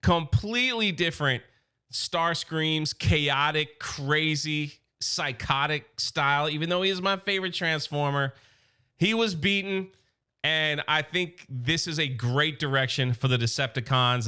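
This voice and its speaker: Excitable fan recapping a story. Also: male voice, a little high, unhurried, clean tone. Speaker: YouTube reviewer.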